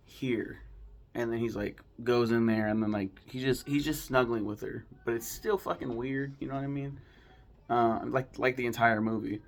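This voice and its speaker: A man's voice: mid-range voice, vocal fry. A man casually reviewing a film, rambling with lots of fillers and frequent swearing.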